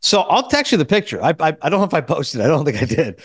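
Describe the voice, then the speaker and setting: A man hosting a podcast, telling a story in casual chat and quoting others in quick asides. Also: a little high, very animated, breathy edge, no echo, clean studio sound. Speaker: podcast host.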